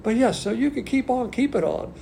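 A man's voice: extremely high pitch, a little fast, creaky, mellow, a little hiss or hum. A man teaching a Bible class in an informal sermon style, folksy and blunt, firing off rhetorical questions. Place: church class streamed on video call.

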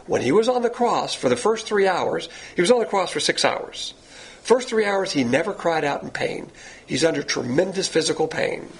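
A man's voice: on the high side, gravelly, slightly rough. A man preaching a sermon with an emphatic, repetitive delivery that rises and falls.

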